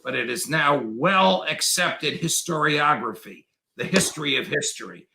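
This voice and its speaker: Slow, gravelly male commentator. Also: a little high, expressive, sharp tone, slight background noise, low-quality recording. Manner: deliberate, emphatic, lecturing. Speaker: guest commentator. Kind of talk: political interview talk.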